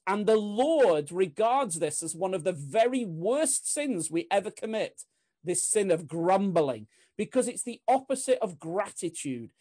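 A woman's voice: mid-range voice, a little mellow. Earnest woman preaching a Bible sermon. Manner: conversational, asks rhetorical questions and tag questions.

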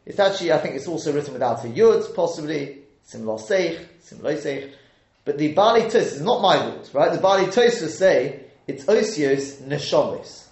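Man, Torah class teacher, high voice, lively swooping delivery, acts out quotes, self-corrections, echoey room. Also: moderate pace. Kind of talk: live Torah study lecture. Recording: roomy echo.

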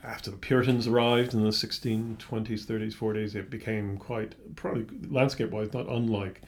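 An older American man with a low, gravelly voice, speaking in a church office. He is a pastor reminiscing in a thoughtful, rambling manner, with a mild accent from Boston. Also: flat delivery. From United States (Boston). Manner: reflective, meandering, unhurried storytelling. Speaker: pastor and interview guest. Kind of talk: casual conversation.

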